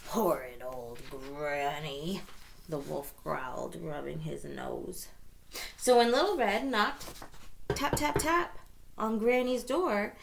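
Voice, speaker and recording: A woman reading a picture book aloud to children, playful and expressive, with chatty asides. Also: mid-range voice, slow pace, gravelly, a little hiss or hum.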